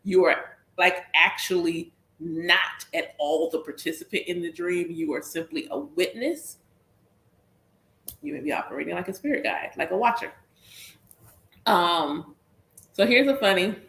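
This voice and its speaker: A woman's voice: lowish voice, measured pace, long pauses, a bit bright. A woman with a Southern US accent chatting casually as a spiritual reader on a livestream, talking in loose, repetitive circles and addressing listeners as y'all. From Southern United States. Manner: chatty, repeats herself, calls listeners y'all. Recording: roomy echo.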